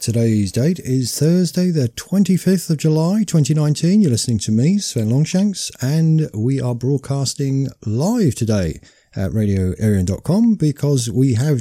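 A British man hosting a live online radio talk show, speaking in a measured, rambling way with many repeated words. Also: medium pitch, mellow, no room sound.

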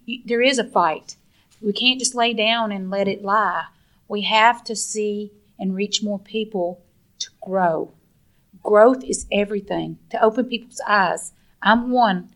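A woman's voice: mid-range voice, fairly even intonation. Earnest, emotional woman. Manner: earnest, emotional, halting with restarts. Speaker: guest, mother of the subject. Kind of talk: emotional phone-in interview.

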